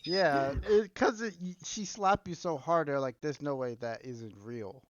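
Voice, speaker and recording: A man's voice: on the high side, measured pace. A man on a podcast giving dry, short reactions to a friend's story. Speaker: podcast co-host. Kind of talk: casual chat. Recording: distant, roomy, dull mic with crowd noise.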